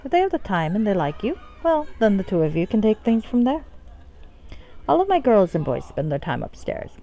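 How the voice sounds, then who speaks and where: A woman's voice: sing-song, brisk, warm tone, low-quality recording. A woman voicing a sultry, flirtatious female brothel madam in a put-on accent, reading game dialogue aloud and drawling endearments. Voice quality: put-on accent she calls terrible. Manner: drawls endearments with deep swoops down.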